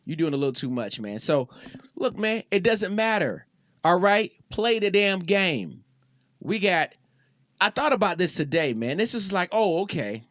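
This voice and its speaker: A man's voice: sits high, big pitch swings, unhurried, fairly bright tone, no echo. A man in his thirties hosting a podcast, ranting in a casual, slangy way and repeating himself for emphasis. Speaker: podcast host. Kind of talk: casual sports rant.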